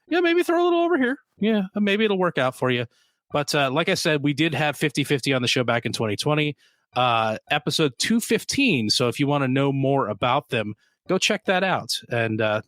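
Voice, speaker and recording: A man's voice: medium pitch, a bit bright, dry recording. A man co-hosting a beer podcast, talking casually and rambling with lots of ums and restarts. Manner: rambling, with many fillers and restarts. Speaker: podcast co-host. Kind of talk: casual chat.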